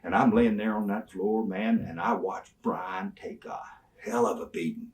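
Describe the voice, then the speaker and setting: An older man, a guest in an interview, telling a story with animated delivery and acting out bits of dialogue. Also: on the low side, moderate pace, gravelly, distant mic.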